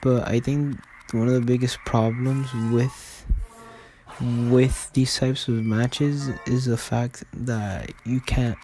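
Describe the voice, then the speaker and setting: Guy rambling thru game commentary, lots of um and uh, pretty monotone. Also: medium pitch, slow pace, a little hiss or hum. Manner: rambling, many fillers and restarts. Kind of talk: casual gameplay commentary.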